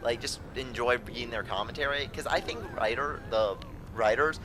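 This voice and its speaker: A man's voice: mid-range voice, moderate pace, noisy background. A young man hosting a let's play, with goofy, self-mocking commentary. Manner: goofy, self-mocking, jumps into silly voices. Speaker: gaming channel host. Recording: faint game music behind.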